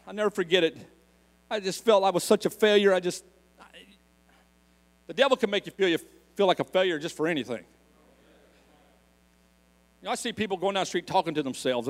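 High-voiced preacher in a reverberant church. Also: male voice. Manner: swings from hushed storytelling to impassioned shouting. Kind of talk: sermon.

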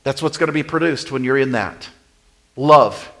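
A male pastor preaching a sermon, repeating key phrases and swinging from loud emphatic lines to quiet, conversational asides. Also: medium pitch, normal speed, low-quality recording.

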